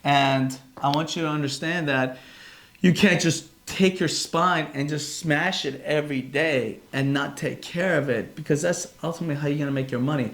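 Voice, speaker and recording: A man's voice: on the high side, normal speed, a bit bright. A man, a chiropractor, hosting a casual live podcast from his phone, rambling and earnest, breaking off mid-sentence often. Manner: rambling, self-interrupting, earnest. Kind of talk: casual live-stream chat.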